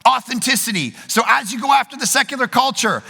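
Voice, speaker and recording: A man preaching at a conference in a large hall, telling quick, joking, self-deprecating stories. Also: extremely high pitch, lively intonation, vocal fry, pushed and bright. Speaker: pastor. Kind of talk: conference sermon. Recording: long hall reverb.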